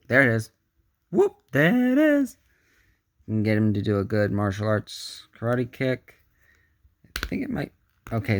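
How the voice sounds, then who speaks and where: Low-pitched guy casually reviewing an action figure, talks slow, mutters to himself while fiddling with it. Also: a little hiss or hum. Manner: chatty, muttering asides while handling the figure. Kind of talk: casual hands-on toy review.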